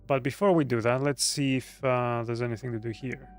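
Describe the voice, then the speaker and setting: A man's voice: medium pitch, fairly even intonation, fairly quick, faint music behind. A man chatting casually with viewers while streaming a game, joking and greeting people by name. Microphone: studio USB microphone.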